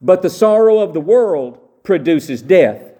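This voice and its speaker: A male pastor delivers a sermon in church, his voice a touch high yet mellow and warm. He preaches emphatically, jumping from loud exclamations to hushed, close remarks. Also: animated, unhurried.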